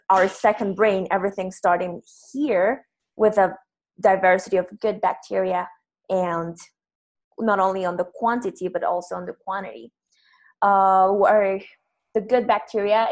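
A woman's voice: mid-range voice, low-quality recording. A woman from Peru, a health coach explaining her field earnestly as a guest. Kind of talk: interview answers.

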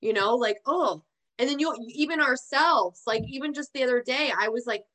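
A woman from Georgia chats on a podcast, rambling and full of "like" and "you know". Her voice is bright and sharp, pitched a little high. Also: normal speed. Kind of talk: casual chat.

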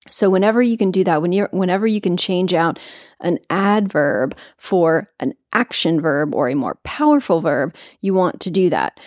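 A woman hosting an instructional writing podcast, explaining clearly and checking in often with her listeners. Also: on the low side, a little mellow, no room sound, studio quality. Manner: clear explanatory teaching, frequent "right?" check-ins. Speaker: podcast host.

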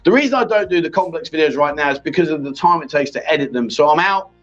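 A man with a fairly high voice hosting a casual live-stream chat, joking with his co-host and reading out viewer comments. The sound is a little dull, with faint music in the background. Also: expressive, fast, a bit bright. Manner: banters and reads viewer comments aloud. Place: bar or venue.

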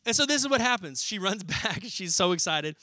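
A young man preaching a sermon as pastor, talking in a lively, casual way and acting out little scenes as he goes. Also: high-pitched, no room sound. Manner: animated, conversational, acts out scenes in quick voices.

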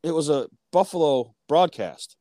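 A man co-hosting a casual hockey chat, excitable and full of fillers, acting out his own reactions. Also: on the high side, a little slow, dry recording. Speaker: sports podcast co-host.

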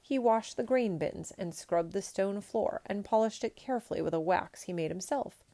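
A woman reading a picture book aloud in a measured, expressive storytelling manner. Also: medium pitch.

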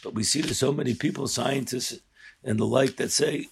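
Rich: A gravelly, husky voice belonging to an older man teaching a Torah class. He speaks earnestly and climbs high and loud when he wants to drive a point home. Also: normal speed. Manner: earnest, rising sharply in pitch and volume for emphasis. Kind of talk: Torah lesson.

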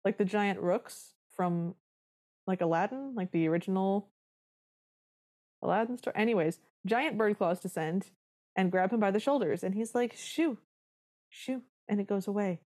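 A woman's voice: medium pitch, normal speed, darkish tone. A woman co-hosting a podcast, recapping a film in casual chat with wry, dramatic storytelling. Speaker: podcast co-host.

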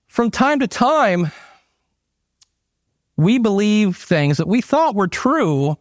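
A man's voice: on the high side, no echo, clean studio sound. A middle-aged man, preaching a sermon in a casual, conversational way with asides. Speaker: pastor.

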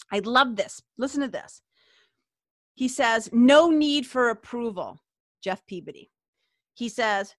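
A woman hosting a faith talk, animated and slangy, reading passages aloud and commenting on them. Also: on the high side, no echo, clean studio sound. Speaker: faith podcast host.

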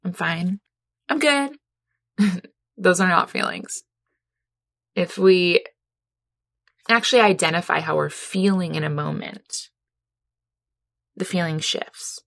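A woman's voice: fairly low pitch, fairly even intonation, slow pace, gravelly, long pauses, a bit bright, dry recording. A woman talking earnestly and heartfelt about a personal experience, laughing easily as she tells it. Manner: earnest, heartfelt, laughs often while telling. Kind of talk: personal reflective talk.

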